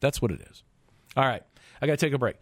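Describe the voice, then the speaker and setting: A middle-aged man hosts a finance radio show from the studio. His voice is a medium pitch but swings widely as he gets emphatic, tossing out rhetorical questions and tripping over repeated words. The sound is close and dry. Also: sing-song, fast talker, no room sound. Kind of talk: call-in radio talk monologue.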